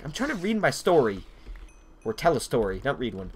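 A man's voice: fairly low pitch, very animated, brisk, a little hiss or hum. A man chatting casually over his gameplay, rambling off topic with lots of swearing. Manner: rambling, profane, off-topic storytelling. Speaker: gameplay commentator. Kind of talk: casual let's-play commentary.

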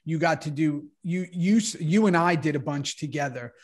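A man co-hosting a podcast, casually telling an animated anecdote with plenty of swearing. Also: on the high side, moderate pace. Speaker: podcast co-host. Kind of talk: casual chat, storytelling.

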